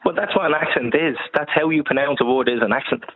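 A man's voice: on the high side, fast, breathy edge, no echo. A young Irish man, a podcast presenter, talking earnestly as a guest on a radio interview. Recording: tinny phone line.

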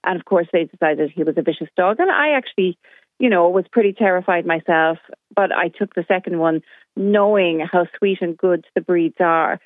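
A woman's voice: lowish voice, moderate pace, dry recording. Indignant woman on a phone line. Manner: indignant, animated storytelling. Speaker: caller. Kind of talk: phone-in call. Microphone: telephone.

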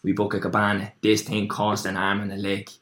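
Fast-talking young man. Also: on the low side, monotone, a bit bright, echoey room. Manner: rapid, laughing through the telling. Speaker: guest telling a story. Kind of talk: casual anecdote, swearing.

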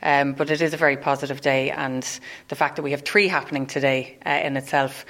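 An Irish woman speaking as a government minister in a radio interview, measured and reflective. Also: extremely low pitch, fairly even intonation, fairly bright tone.

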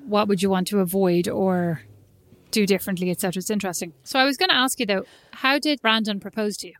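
A woman co-hosting a podcast in casual chat, teasing and quick to joke with her co-host. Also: medium pitch, fairly bright tone, no room sound.

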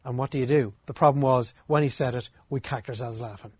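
A man's voice: medium pitch, fairly even intonation, fast talker, slightly rough, no room sound. A young Irish man, a radio co-host, telling a story in an easygoing, colourful way. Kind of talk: casual chat.

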